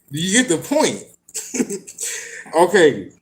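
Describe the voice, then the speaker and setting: A man's voice: high-pitched, a little hiss or hum. Slangy, profane man riffing on a book. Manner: reads passages slowly, then riffs in blunt slangy talk with profanity and laughs. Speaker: host reading and commenting on an occult book. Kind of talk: casual commentary on a reading.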